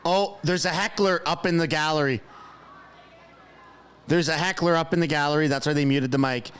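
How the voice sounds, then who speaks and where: A man commentating live on a stream, excitable, shouting and laughing as he reacts. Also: on the high side, moderate pace, smooth.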